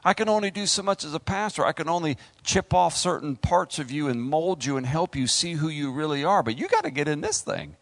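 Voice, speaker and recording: A middle-aged male pastor preaching a sermon, animated, acting out voices and talking straight to the congregation. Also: on the high side, fairly quick, hardly any pauses, dry recording.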